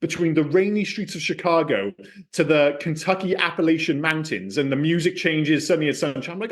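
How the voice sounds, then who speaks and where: A man with a fairly high voice talks through a film on a podcast in a casual, animated way. He swears freely and acts out quips as he goes. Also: a little fast. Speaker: podcast co-host. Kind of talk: casual film review chat.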